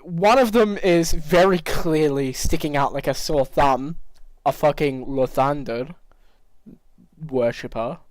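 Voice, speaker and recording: Aussie guy gm-ing a tabletop game, slow easygoing delivery, curses a lot, laughs at his own jokes. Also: on the high side, dry recording. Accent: Australian. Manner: casual, swears freely, laughs often. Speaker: game master. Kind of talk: narrating a tabletop game over voice chat.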